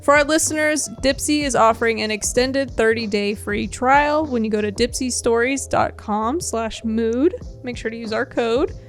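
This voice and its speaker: A high-voiced woman co-hosting a podcast, her throat a touch scratchy. She talks in an earnest, reassuring way. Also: normal speed, few pauses, soft background music. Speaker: podcast co-host. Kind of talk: casual chat and ad read.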